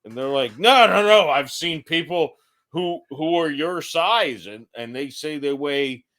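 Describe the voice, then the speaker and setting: A tipsy man co-hosting a podcast, ranting loudly and profanely in casual chat. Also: fairly high pitch, a little slow. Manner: loud, profane, animated ranting. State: tipsy from drinking. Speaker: podcast co-host.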